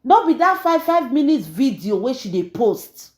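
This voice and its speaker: A woman's voice: high voice, big pitch swings, normal speed, a little mellow, echoey room. A Nigerian woman hosting a gossip channel, talking in a chatty, mocking way as she mixes Pidgin and English in celebrity gossip commentary.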